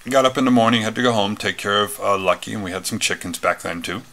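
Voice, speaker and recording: A man talks through a personal story, circling back with fillers and restarts. His voice sits fairly low but has a bright, forward edge and a gravelly texture. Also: fast. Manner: rambling, many fillers and restarts. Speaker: retreat speaker.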